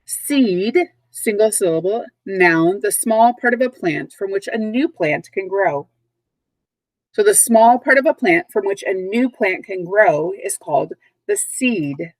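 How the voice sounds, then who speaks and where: Woman, teacher, recorded vocabulary lesson, patient, clear, repeats words, dry sound. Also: mid-range voice, expressive, a little slow, no echo, low-quality recording. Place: at home, dogs nearby.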